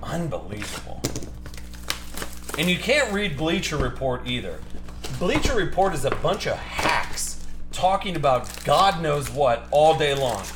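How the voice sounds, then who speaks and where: Hosting a live stream where he opens cards, a very animated man with a fairly high voice goes off on heated, fast-shifting rants about sports media between calls. The room echoes and music plays in the background.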